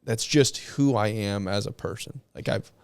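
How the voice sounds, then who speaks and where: A man talks as a podcast guest in a relaxed, reflective way, with plenty of "like" in his speech. His voice sits a little low and sounds smooth and clear. The recording is dry, with almost no room sound. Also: normal speed, dry recording. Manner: relaxed, reflective, heavy use of "like". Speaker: podcast guest, narcotics detective. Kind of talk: casual conversational interview.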